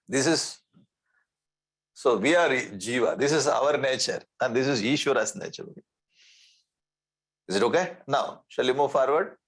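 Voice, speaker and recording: Husky-voiced swami lecturing. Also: male voice, mid-range voice, lively intonation, unhurried, long pauses, fairly bright tone, low-quality recording. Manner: repeats Sanskrit terms, asks "okay?" often; light humor, chuckles. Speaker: swami teaching scripture. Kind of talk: spiritual lecture.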